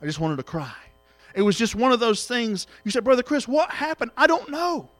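A middle-aged man preaching an emotional sermon, swinging between loud exhortation and hushed tenderness. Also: high voice, big pitch swings, normal speed, dry recording, soft background music.

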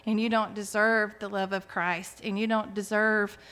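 A woman in her forties tells her faith story earnestly and from the heart, with many restarts. Her mid-range voice is a bit bright, and she speaks at a normal speed with a flat delivery.

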